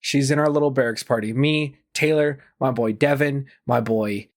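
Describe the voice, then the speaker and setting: A young man tells a rowdy story on a podcast, his voice sitting at a middling pitch. He swears freely and keeps laughing as he goes, loose and conversational. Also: normal speed. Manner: profane, laughs through his own stories. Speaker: podcast host. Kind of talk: casual storytelling.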